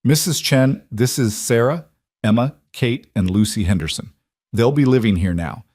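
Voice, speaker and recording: A man voicing a gruff rancher who speaks curtly and gives little away. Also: medium pitch, moderate pace, darkish tone, no room sound, studio quality, natural voice. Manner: curt, terse.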